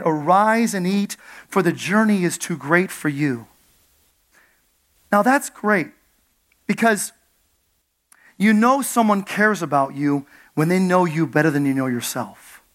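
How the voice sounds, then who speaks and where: High-voiced man preaching a sermon. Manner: drops soft and low when quoting God's gentle words; builds to emphatic points, then slows for weight. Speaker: pastor.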